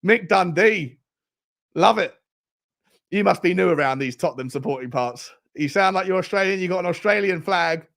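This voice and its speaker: A man's voice: sits high, fairly even intonation, fast talker, gravelly, few pauses, fairly bright tone. A man hosting a live football fan watchalong, chatting casually, reading out viewer comments and putting questions to his audience. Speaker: football fan channel host.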